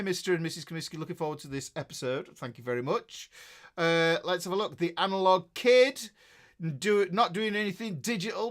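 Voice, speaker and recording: Chatty Yorkshire man, slightly high voice. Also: fairly bright tone. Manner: chatty and rambling, with many fillers and self-interruptions. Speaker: guitar teacher reading live chat. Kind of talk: casual live-stream chat.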